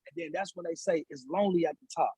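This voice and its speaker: Husky high-voiced man preaching about manhood. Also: very fast, warm tone, no room sound, rough recording. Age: adult father of seven sons. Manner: preaching, repetitive, rising to emphatic peaks. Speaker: author and speaker, guest. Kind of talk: impassioned podcast talk.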